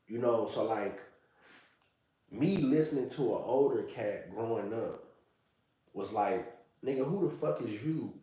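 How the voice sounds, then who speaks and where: This thirty-something man speaks in a lowish, slightly mellow voice, musing aloud in casual street slang and returning again and again to "you know what I'm saying." The mic is distant and the room heavily reverberant.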